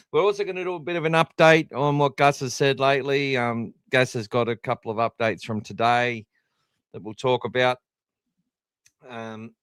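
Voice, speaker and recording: A man's voice: mid-range voice, fairly bright tone, clean tone, no echo, clean studio sound. A man with an Australian accent hosting a live sports podcast in a casual, rambling way, poking fun at himself. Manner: chatty, rambling, self-deprecating. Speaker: podcast host. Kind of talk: casual live-stream chat.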